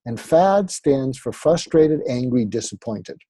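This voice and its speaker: A man's voice: medium pitch, lively intonation, a little slow, warm tone, husky, dry recording. A man, a psychiatrist and author, explaining advice as an interview guest in a conversational way, often with fillers. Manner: conversational, acts out sample dialogue, frequent fillers.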